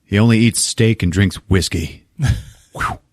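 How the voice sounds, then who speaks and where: A man's voice: lowish voice, a little slow, a little mellow, no room sound, studio quality. A man casually recapping a film on a podcast, acting out the characters' lines, laughing often and swearing freely. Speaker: podcast host.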